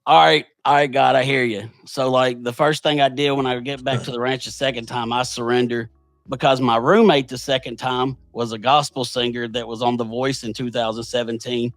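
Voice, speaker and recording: A man's voice: medium pitch, little pitch movement, a little fast, dry recording, faint music behind. Earnest man telling a story. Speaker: podcast host. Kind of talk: casual conversation.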